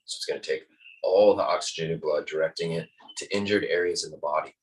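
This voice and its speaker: A man teaching a guided breathing lesson, calm and instructive, demonstrating each breath aloud. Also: very deep voice, quick pace, slightly rough, recorded from a distance, poor audio.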